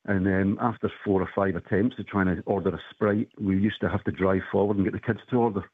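A man's voice: sits low, steady tone, fast, slightly rough, no room sound. A man from Scotland, calling in and reminiscing in a reflective, hesitant way. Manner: reflective, hesitant with many ums. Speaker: caller. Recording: phone line.

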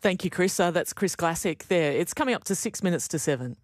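A woman hosting a live breakfast radio program in a brisk, conversational way. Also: on the low side, animated, loud music behind the voice.

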